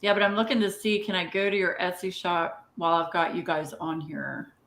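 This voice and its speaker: A woman's voice: lowish voice, fairly even intonation, brisk, fairly bright tone. A woman hosting a live video chat, blunt and joking, talking casually with her guests. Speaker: host. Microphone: video call. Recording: echoey room with faint background noise.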